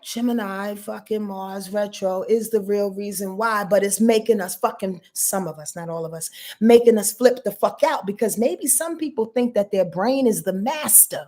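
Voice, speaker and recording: Hosting her own channel, a woman gives a casual live astrology rundown, answering viewers' comments as she goes in a blunt, profane and emphatic way. Her mid-range voice is warm, at a moderate pace.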